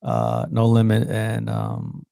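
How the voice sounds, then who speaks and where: A man co-hosting a casual talk show, laid-back, prompting with short questions and halting fillers. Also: on the low side, big pitch swings, vocal fry, warm tone, no room sound, clean studio sound. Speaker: co-host. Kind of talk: casual chat.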